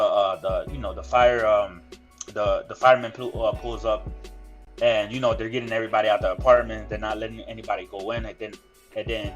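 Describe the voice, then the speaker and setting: A young man talking casually on a podcast, rambling through a story with lots of fillers and restarts. His pitch sits mid-range, and he jumps into loud, shouted quotes when he acts out a scene. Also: poor audio.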